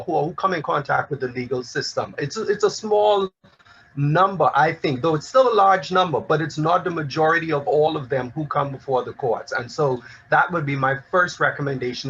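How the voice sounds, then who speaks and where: A man's voice: fairly high pitch, fairly bright tone, slight background noise. Formal man with a muffled sound. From Bahamas. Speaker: panelist. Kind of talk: panel discussion.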